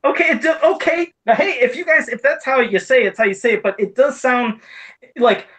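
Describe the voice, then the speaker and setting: A man's voice: extremely high pitch, fairly quick, fairly bright tone. A man co-hosting a casual podcast, chatty and repeating himself as he over-explains a point. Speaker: podcast co-host. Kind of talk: casual chat.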